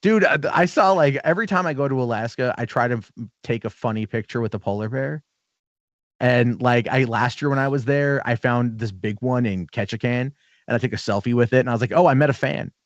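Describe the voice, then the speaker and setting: A man's voice: medium pitch, brisk, no room sound, lo-fi sound. A man, a guest on a podcast, chatting casually and telling rambling, profane anecdotes.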